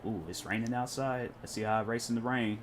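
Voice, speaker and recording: A man's voice: mid-range voice, fairly quick, slight background noise. A young man streaming a racing game, chatting casually in rambling, laid-back slang. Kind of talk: casual chat while gaming.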